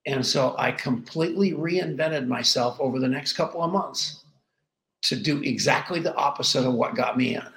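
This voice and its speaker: A middle-aged man as a guest in an interview, telling his story with animated energy and acting out the dialogue. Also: medium pitch. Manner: animated, acts out dialogue with quick voice shifts. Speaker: podcast guest. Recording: roomy echo.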